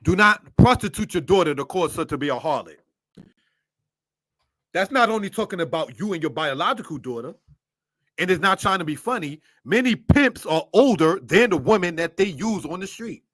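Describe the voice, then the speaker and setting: Sitting high and sounding fairly bright, the man's voice is expressive and moves at a normal speed, slightly raised as he preaches through a scripture lesson. This Torah teacher goes over Hebrew words line by line, peppers his brothers and sisters with rhetorical questions, and is recorded dry, with no room sound.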